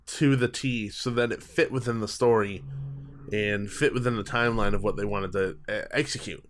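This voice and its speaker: A man's voice: on the low side, steady tone, moderate pace, fairly bright tone, a little hiss or hum. A man hosting a podcast, chatting enthusiastically and interviewing a guest. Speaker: podcast host.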